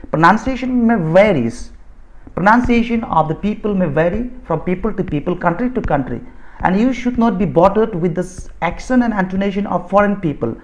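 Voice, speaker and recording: The recording is dull, and the speaker is a man with a high, expressive voice who talks fairly quickly. He comes from Assam, speaks Bodo natively with an Indian accent, and teaches spoken English in an explanatory lecture, repeating himself insistently and often rewording or restarting sentences.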